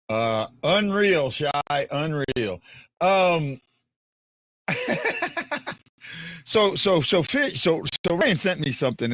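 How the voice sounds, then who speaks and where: A man hosts a live fan stream with a slightly raised, very animated voice that rises and falls constantly. He rambles, jokes and talks to viewers in the chat by name. The sound is close and dry, with no room around it. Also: on the high side, no echo. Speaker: livestream host.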